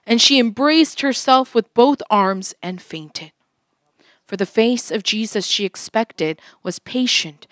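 A woman's voice: medium pitch, no echo, clean studio sound. A woman interpreting a sermon and telling its story in an earnest, heartfelt way.

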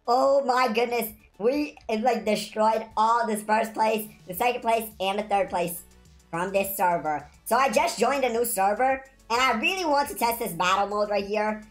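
Excitable woman narrating gameplay over music. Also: fairly high pitch, normal speed. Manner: excitable, shrieks when winning or losing. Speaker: gaming YouTuber.

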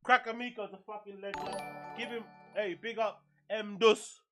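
A man hosting a live reaction stream, rowdy and excitable, laughing often and swearing. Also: high-pitched, normal speed, faint music behind.

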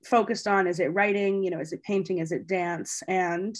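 A woman's voice: fairly low pitch, fairly even intonation, normal speed. A woman co-presenting a webinar, explaining an application process in a casual, chatty way with fillers.

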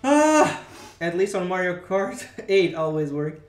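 A man's voice: high-pitched, fairly even intonation, moderate pace. Joking, teasing male stream host, roomy recording with music under. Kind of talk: casual gameplay chat.

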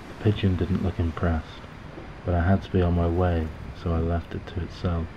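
A man tells a short story in a dry, matter-of-fact way, his voice deep and even. The recording sounds muffled and lo-fi. A steady noise bed runs underneath. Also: normal speed. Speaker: narrator. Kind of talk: scripted storytelling narration. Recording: dull lo-fi recording with background noise.

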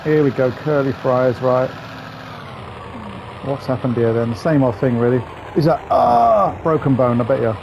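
A man's voice: medium pitch, expressive, unhurried, creaky. Grumbling man over engine noise. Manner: grumbling, profane, chatty. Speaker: gaming channel host. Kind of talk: let's play commentary. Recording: game engine noise behind voice.

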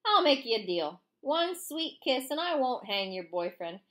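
A woman reading a storybook aloud, voicing a drunk, leering small-town male sheriff in a slow drawl. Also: sits high, big pitch swings, fairly bright tone, pitched above the performer's own voice, full character voice. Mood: taunting.

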